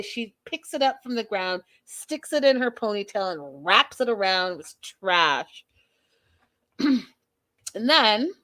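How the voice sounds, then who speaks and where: A woman hosting a casual recap show, blunt, sassy and profane. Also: mid-range voice. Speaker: host.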